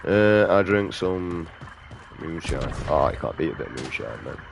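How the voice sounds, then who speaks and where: Very deep-voiced gamer. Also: male voice, big pitch swings, moderate pace, creaky, a little hiss or hum. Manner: rambling, profane, drawling. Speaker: gaming streamer. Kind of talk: casual commentary while playing.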